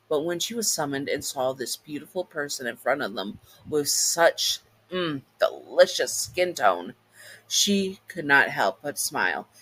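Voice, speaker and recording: A man's voice: a little high, bright, forceful tone, husky. A man casually narrating a second-person fan audio story, stopping to correct his own slips aloud.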